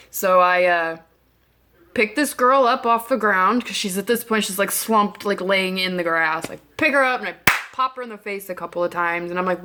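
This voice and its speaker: A woman telling a story in a casual, blunt way, swearing freely and acting out her own lines. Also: mid-range voice. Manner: profane, blunt, animated.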